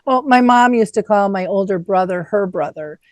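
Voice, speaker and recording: A middle-aged woman hosts an interview and affirms her guest as she tells stories about her own family. Her voice sits at a middle pitch, and the sound is dry and close with no room echo. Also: moderate pace. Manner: warm storytelling, affirming. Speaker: podcast host. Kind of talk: conversational interview.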